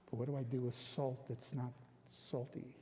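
A man preaching a sermon as pastor, asking questions and swinging between emphatic rises and quiet drops. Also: medium pitch, flat delivery, normal speed, big-room sound, slight background noise.

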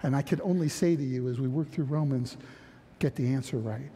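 A man's voice: medium pitch, a little fast, dark tone, husky. A man preaching a sermon, emphatic, asking rhetorical questions and answering them. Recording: reverberant hall.

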